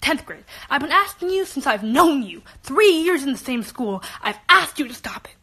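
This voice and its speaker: A woman's voice: sits high, sing-song, moderate pace, sharp tone. A teenage girl venting on a phone livestream. She is upset and rambling, with lots of "like" fillers. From United States. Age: late teens, high school student. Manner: upset and rambling, heavy "like" fillers, voice rising when agitated. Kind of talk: emotional venting monologue on a livestream.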